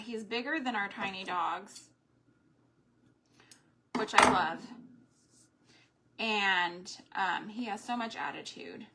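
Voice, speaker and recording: A woman's voice: mid-range voice, sharp tone, a little hiss or hum. A woman hosting a live crafting stream, chatting in long rambling asides while she works with her hands. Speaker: homesteading craft host.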